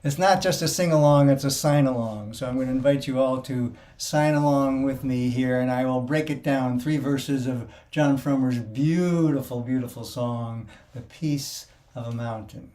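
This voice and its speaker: A man leading a sing-along, teaching a song line by line with gentle singing and explanation. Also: mid-range voice. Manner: slow, gentle, sings lines then explains. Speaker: song leader, sign teacher.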